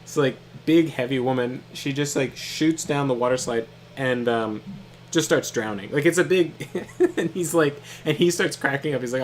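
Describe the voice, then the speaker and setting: A man's voice: medium pitch, moderate pace, a little hiss or hum. A young man casually telling a funny story to his brother while they play a game, laughing often and swearing freely. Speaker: co-host of a gaming stream.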